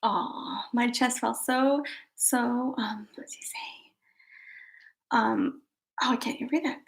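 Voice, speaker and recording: A woman hosting a casual live stream, chatting to viewers and reading their comments, giggling often and drifting into soft asides. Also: on the high side, fairly even intonation, slow pace, gravelly.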